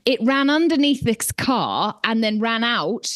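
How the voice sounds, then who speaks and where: A woman's voice: fairly high pitch, big pitch swings, measured pace, no echo. A woman in her forties, co-hosting a podcast in casual chat, telling stories in a chatty way and laughing often. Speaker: podcast co-host.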